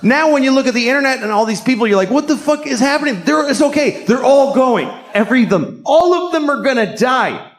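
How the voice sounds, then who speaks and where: On a comedy stage in front of a live crowd, this middle-aged male comedian works a stage mic at a brisk pace. He stays deadpan and profane with a lively pitch, then swings into loud, shouted rants.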